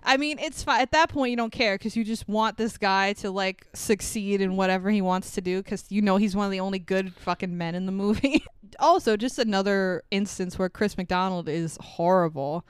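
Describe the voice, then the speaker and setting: A woman's voice: mid-range voice, normal speed, clean tone, no echo. A woman co-hosting a podcast, recapping a movie in casual chat, swearing freely and laughing often. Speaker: podcast co-host.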